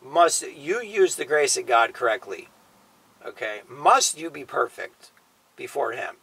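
A man teaching the Bible in a casual sermon style, often tagging his points with a quiet "okay?" or "you know". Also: mid-range voice, animated, measured pace, creaky, husky, poor audio. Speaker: preacher.

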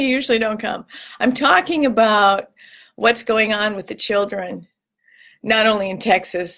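A woman hosting her own video, talking earnestly and emotionally to camera, close to tears and rising into a tearful high voice. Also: moderate pace, gravelly, fairly bright tone. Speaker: vlog host giving a weekly tip. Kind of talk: heartfelt casual talk to camera.

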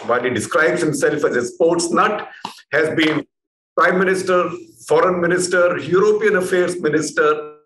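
Male interview host, slightly high voice, rambling questions; roomy echo, faint background hiss. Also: normal speed, a bit bright. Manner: chatty, winding questions with fillers. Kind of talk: interview hosting. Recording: echoey room with faint noise.

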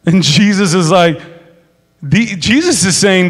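A man preaches a sermon in a large church, his somewhat high voice trailing into a long reverb. He is animated, jumping from loud exclamations down to hushed whispers. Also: measured pace. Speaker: pastor.

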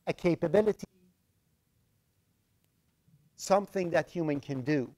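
A man with an Iranian accent lecturing a university class, explaining ideas through everyday examples and often asking whether students follow. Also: high voice.

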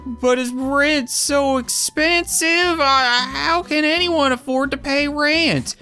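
A man's voice: very high voice, slow, sharp tone, voice pushed up, full character voice. A man voicing a downtrodden female corn tenant in a game, plaintive and put-upon, with faint music behind.

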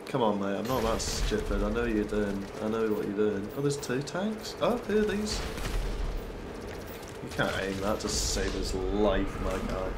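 A man's voice: on the low side, lively intonation, a little slow, heavy background noise. A man giving casual, sweary gameplay commentary, taunting and mocking other players. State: stoned. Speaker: gaming YouTuber.

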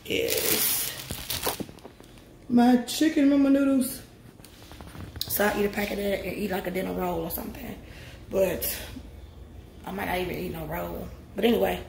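With a gravelly, medium-pitched voice, a woman in her thirties gives a chatty to-camera vlog update, fatigued from working out. She keeps calling viewers "y'all" and "you guys"; the recording sounds roomy, with a slight hiss or hum.

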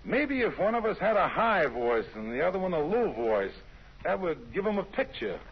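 A man's voice: sits high, very animated, normal speed, husky, heavily acted. An actor playing an eager young man of a singing team, talking in a 1950s radio drama style with hesitant starts. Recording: dull old radio broadcast.

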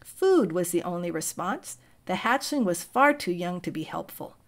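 A woman reading a children's novel aloud in a calm and clear way. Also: lowish voice, moderate pace. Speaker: reader. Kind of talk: storybook read-aloud.

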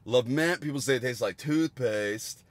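A young man in his twenties casually reviewing candy on a livestream, rambling and crude with jokey bursts of excitement. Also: mid-range voice, normal speed, no echo.

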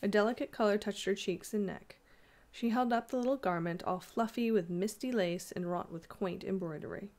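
A woman narrates an old short story aloud, calm and even in her delivery. Her voice sits at an ordinary, middling pitch. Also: moderate pace. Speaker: reader.

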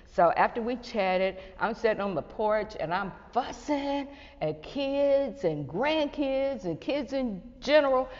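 Speaking slowly in a slightly high, animated voice, this older woman is the host of a faith talk show held over video call. Her manner is effusive, with frequent exclamations of praise. The call audio sounds muffled and echoey.

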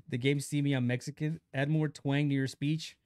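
A man's voice: on the high side, flat delivery, moderate pace, a little mellow, smooth, dry recording. A young man live-streaming a mobile shooter, chatting casually in slang while greeting viewers and reading chat aloud.

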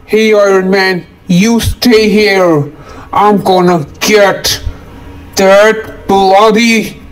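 A man voicing a brave young male superhero in a toy-figure story, with excited, urgent calls. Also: high-pitched, drawn-out words, smooth, low-quality recording. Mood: heroic.

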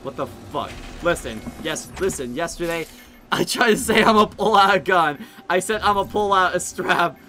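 A man's voice: high voice, moderate pace, pushed and bright, faint music behind. A male streamer chatting casually while playing a game live, giggling often and swearing freely as he rambles.

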